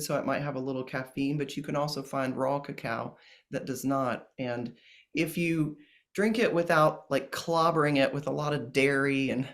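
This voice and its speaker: A man speaking as a guest in a casual interview about ceremonies, gentle and earnest, with many pauses and restarts. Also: medium pitch. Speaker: plant medicine ceremonialist guest.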